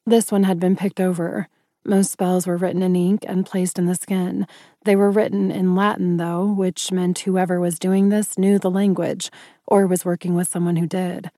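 A woman narrating first-person fiction in an audiobook, her voice low and mellow. She tells it steadily and evenly, recorded dry and close. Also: level tone, moderate pace, no echo.

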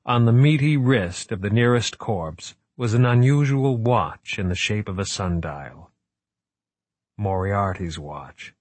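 Husky, low-voiced male narrator. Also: no room sound. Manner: measured, steady storytelling. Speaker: audiobook narrator. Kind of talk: scripted narration.

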